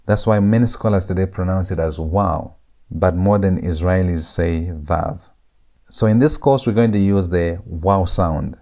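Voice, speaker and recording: A man teaching a language lesson, saying each letter sound over and over in a drawn-out, patient way. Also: low-pitched, darkish tone. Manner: repeats each sound several times, drawn out. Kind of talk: slow lecture on letter pronunciation.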